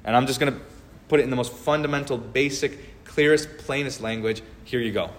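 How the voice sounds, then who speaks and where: A man preaching a sermon as pastor, talking conversationally and animatedly with many filled pauses. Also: mid-range voice, a little hiss or hum. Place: church sanctuary. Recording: long hall reverb.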